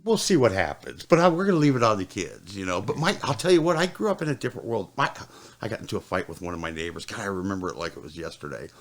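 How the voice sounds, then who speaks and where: Animated, gravelly middle-aged man. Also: on the low side, fast. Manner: animated storyteller, acts out quoted voices. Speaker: podcast host. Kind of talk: casual chat.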